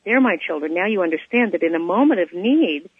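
A woman's voice: on the low side, animated, brisk, husky, no room sound. A woman voicing a brave little mother mouse in a storytelling bit. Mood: gentle. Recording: tinny phone line, dry.

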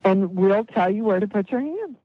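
A middle-aged or older woman, a guest healer, telling a story in an interview with animated delivery and acted-out quotes. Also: mid-range voice, moderate pace, dry recording, phone-quality sound.

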